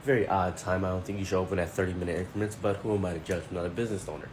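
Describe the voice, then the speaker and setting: A man tells a first-person story in a blunt, indignant, conversational way. His voice sits a bit low, with a faint background noise under it. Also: steady tone, racing.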